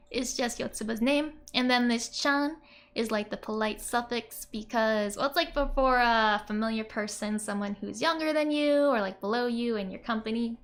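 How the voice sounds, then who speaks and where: A woman's voice: a little high, creaky. A woman teaching a language lesson in a casual, chatty way, laughing often as she explains. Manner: giggly, chatty, frequent laughs. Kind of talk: casual lesson narration over screen.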